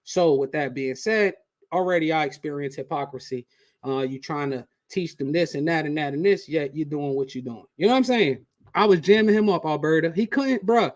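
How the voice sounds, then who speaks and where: A man hosting a casual live reaction stream, talking to his chat in a slangy, relaxed way. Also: on the high side, brisk, no echo, clean studio sound. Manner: slangy, talks straight to chat. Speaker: channel host.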